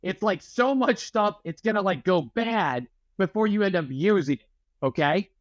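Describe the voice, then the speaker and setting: A man's voice: sits high, lively intonation, normal speed, no echo. A young man co-hosting a podcast in casual chat, riffing playfully and acting out imagined conversations. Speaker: podcast co-host.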